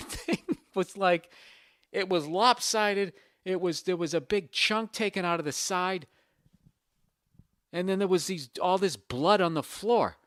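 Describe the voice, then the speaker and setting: A man hosting a podcast and telling a comedic story in a profane, exasperated, animated way. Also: fairly high pitch, no echo, clean studio sound. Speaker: podcast host.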